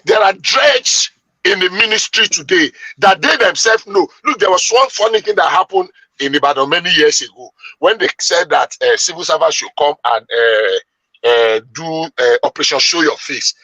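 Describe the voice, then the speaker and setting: A man making his case in a heated debate, emphatic and long-winded. His voice is bright and forceful with a husky edge, sitting a little high. The sound is close and dry. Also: lively intonation, normal speed, dry recording, rough recording. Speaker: debate panelist.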